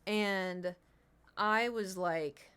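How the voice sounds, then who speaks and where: Speaking extremely slowly in a smooth, mid-range voice, a young woman streamer tells her chat a long, casual story. She's animated, acting out her friends' lines, and she rambles and restarts as she goes.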